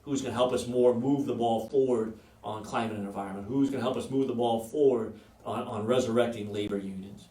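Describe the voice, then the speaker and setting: A man's voice: mid-range voice, fairly even intonation, a little fast, mellow, distant mic. A man running for office hosts a virtual town hall, speaking off the cuff with many fillers and restarts over a video call. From Iowa. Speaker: political candidate hosting a virtual town hall. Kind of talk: unscripted campaign speech. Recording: roomy echo, off-mic.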